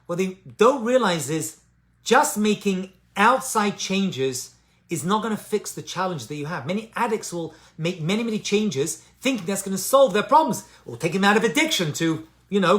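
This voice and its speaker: A man's voice: high voice, expressive, normal speed, a bit bright. Man giving a conversational recovery talk. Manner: conversational, with frequent "right?" and "you know"; emphatic repetition of key phrases. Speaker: spiritual teacher on addiction recovery.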